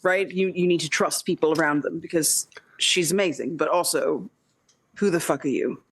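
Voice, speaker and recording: A man's voice: a little high, moderate pace, fairly bright tone, voice pushed up. A man voicing a wounded, cocky tough woman who makes dry, sarcastic retorts and swears. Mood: defiant.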